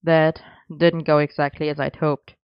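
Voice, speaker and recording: An earnest young man, protective and firm, as a storybook reader puts him on. The voice is smooth and clear. The recording is dry and a little dull. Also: mid-range voice, flat delivery, a little slow, dry recording, close to an everyday voice.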